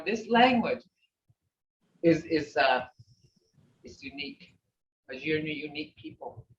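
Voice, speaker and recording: A patient teacher speaking slowly and brightly, drilling vocabulary with a class over a video call. The voice sits back from the mic, with a roomy echo and dull, lo-fi sound, and the delivery stays encouraging and full of "okay" and "you know". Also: mid-range voice, slight background noise. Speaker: language teacher. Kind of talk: online language class. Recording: echoey lo-fi video call audio from far off the mic.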